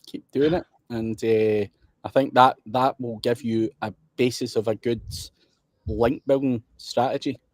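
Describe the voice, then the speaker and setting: A man's voice: medium pitch, fairly even intonation, a little slow, a little mellow, no room sound, clean studio sound. A man hosting a podcast, telling stories in blunt, profane casual chat. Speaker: podcast host.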